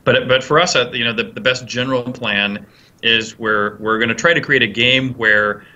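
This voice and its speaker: A man's voice: medium pitch, steady tone, moderate pace, sharp tone, lo-fi sound. A man, a game designer, answering interview questions and telling a long anecdote with many fillers and restarts. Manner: rambling, many fillers and restarts, acts out quotes.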